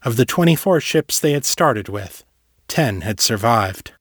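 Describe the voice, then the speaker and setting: A man reading a fantasy story aloud in a steady, measured narration. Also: medium pitch, breathy edge, no echo, clean studio sound. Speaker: audiobook narrator.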